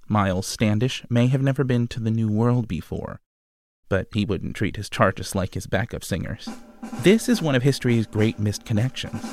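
A man's voice: fairly low pitch, a little mellow, a little hiss or hum. A man hosting a show, giving scripted history narration in a wry, dryly humorous way. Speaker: podcast host.

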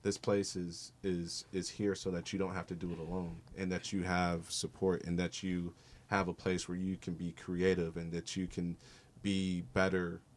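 A man's voice: deep voice, monotone, moderate pace. A man who mentors students in a music program, talking earnestly and encouragingly in a casual group conversation. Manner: earnest, encouraging, heavy on "like" and "dope".

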